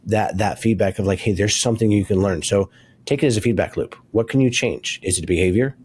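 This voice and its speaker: Man, co-host, low husky voice, emphatic, preachy delivery. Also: fairly quick, darkish tone. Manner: emphatic, preachy, laughs easily. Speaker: podcast co-host. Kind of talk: casual faith podcast talk.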